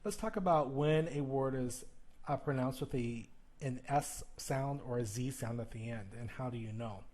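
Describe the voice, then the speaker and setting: A man's voice: mid-range voice, normal speed, darkish tone. A male teacher explaining plural sounds in a video lesson, talking straight to the viewer, checking in with "okay?" and exaggerating the sounds he demonstrates. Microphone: recording while flipping through a textbook.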